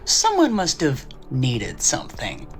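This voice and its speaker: A woman narrating scripted commentary in a dry, sarcastic, measured way. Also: very deep voice, wildly swooping pitch, creaky, over music.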